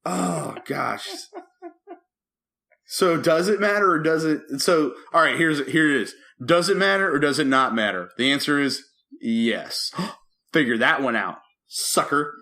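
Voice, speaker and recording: A man co-hosting a podcast, telling a story in casual chat and loudly acting out what people said. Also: fairly high pitch, a little slow, creaky. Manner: animated storyteller, acts out quotes loudly. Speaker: podcast co-host.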